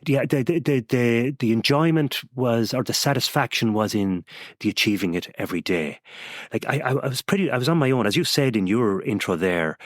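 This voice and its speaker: An Irish man telling stories as a podcast guest, halting and restarting with repeated words. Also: mid-range voice, animated, dry recording, clean studio sound. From Ireland. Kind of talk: conversational storytelling.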